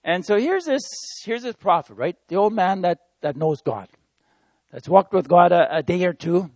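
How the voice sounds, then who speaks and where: High-voiced man preaching an earnest sermon. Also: expressive, normal speed, no echo. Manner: earnest, conversational, addresses listeners as friends. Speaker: missionary preacher. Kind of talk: informal sermon.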